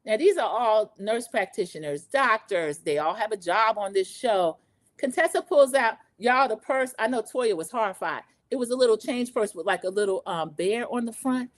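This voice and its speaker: Animated gossipy woman recapping a show. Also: on the high side, normal speed. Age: 40s. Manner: animated, gossipy, addresses viewers as y'all. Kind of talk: casual livestream recap.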